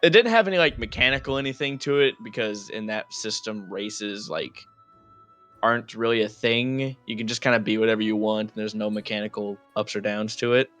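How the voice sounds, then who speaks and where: A man's voice: lowish voice, fairly quick, fairly bright tone, soft background music. A man chatting enthusiastically as a player in a tabletop game's setup session, laughing often. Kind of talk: casual chat before a tabletop game.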